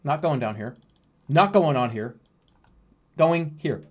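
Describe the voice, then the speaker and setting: Male streamer in his thirties, lively rambling chat with swearing, fairly high voice, faint music behind. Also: slow pace, breathy edge. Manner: rambling, animated, swears freely. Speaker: livestreamer. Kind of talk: casual chat.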